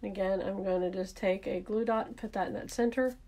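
Speaking a little fast in a steady, warm, medium-pitched voice, a Southern woman talks casually through making a card. She's chatty, thinks out loud while working, and keeps correcting herself.

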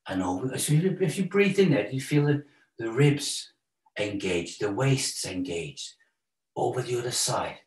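A man leading a relaxed yoga and stretching session, calm and encouraging, counting breaths. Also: on the low side. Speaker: yoga instructor. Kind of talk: guided stretching class. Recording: roomy echo, voice a bit far from mic.

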